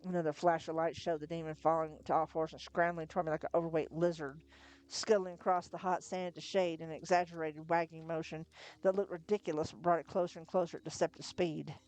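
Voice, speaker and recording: A woman reading a novel aloud on a live stream, narrating in the first person with steady storytelling and occasional self-corrections. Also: low-pitched, fast. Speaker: narrator, reader.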